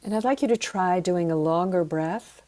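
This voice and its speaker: A woman teaching sound healing, leading slow, soothing breathing and voice exercises. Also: lowish voice, warm tone.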